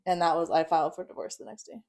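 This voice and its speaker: A young woman tells her story as a guest in a casual chat, blunt and full of swearing, and she laughs often. Her voice sits a little low for a woman. She gets loud and animated when the story heats up. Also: racing.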